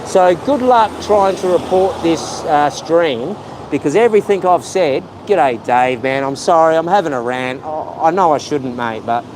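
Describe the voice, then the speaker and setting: A man's voice: a little high, animated, moderate pace. An emotional young Australian man ranting heatedly on a live stream from outdoors, repeating himself as he vents. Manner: agitated, heated, repetitive ranting. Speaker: vlogger. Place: outdoors on a street. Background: faint traffic.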